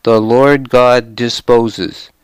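A man's voice: mid-range voice, steady tone, a little slow, clean tone, no room sound, close to an everyday voice. A man reading the part of a zealous, pompous male priest who speaks with triumphant, preachy certainty.

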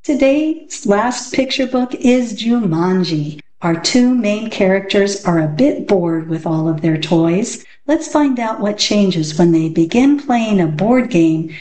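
A woman reads picture books aloud with gentle, expressive storytelling. Her voice has an ordinary pitch for a woman. The recording has a roomy echo. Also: slow pace, hardly any pauses. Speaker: storybook reader.

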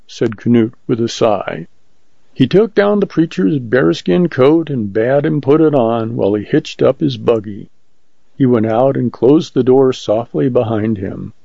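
A man reading a story aloud as narrator in a measured, even way. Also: medium pitch, gravelly, no room sound. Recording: muffled lo-fi recording.

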